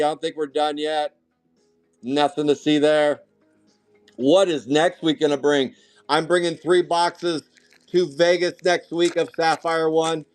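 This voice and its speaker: Hyped high-voiced man ripping trading card packs. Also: clean tone. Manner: hyped, shouting excitedly at big pulls. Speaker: card break host. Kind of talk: live card break commentary.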